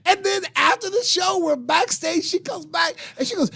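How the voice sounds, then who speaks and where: A man with a Texan accent, a comedian telling a road story in casual chat, excitable and full of swearing. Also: very high voice, normal speed, vocal fry, dry recording, clean studio sound. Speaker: comedian guest.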